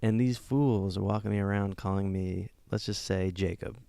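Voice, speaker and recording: Low gravelly guy rambling funny stories on a podcast, dry close mic. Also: steady tone, normal speed, mellow, no room sound. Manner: rambling storyteller, jokey voices. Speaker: podcast co-host. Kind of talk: casual comedic chat.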